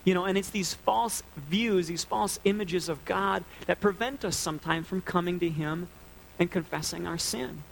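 A man's voice: sits high, moderate pace, creaky, slight background noise, poor audio. A man preaching a sermon as a pastor, earnest and conversational.

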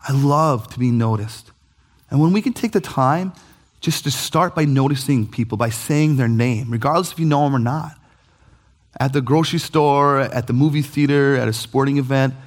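A man, preaching a sermon as pastor in an animated, conversational way with jokey asides. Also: medium pitch, moderate pace.

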